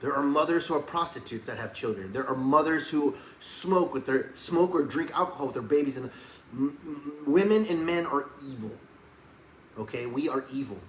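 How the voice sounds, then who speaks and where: A man delivering a rambling faith monologue to camera, preachy and emphatic, often breaking into loud raised outbursts. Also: mid-range voice, expressive, normal speed. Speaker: Christian video blogger. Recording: echoey room with faint background hum.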